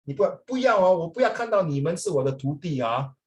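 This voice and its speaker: Singaporean guy teaching, slightly high voice, chatty, mixes english and mandarin, keeps going "right?". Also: very animated, quick pace, poor audio. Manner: chatty, switches between English and Mandarin, asks students for agreement. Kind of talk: casual classroom talk to students.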